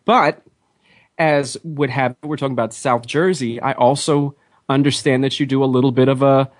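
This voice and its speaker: A man's voice: medium pitch, fairly even intonation, moderate pace. A man hosting an online radio interview show, talking casually and rambling with frequent laughs. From Philadelphia area. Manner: chatty, rambling, laughs often.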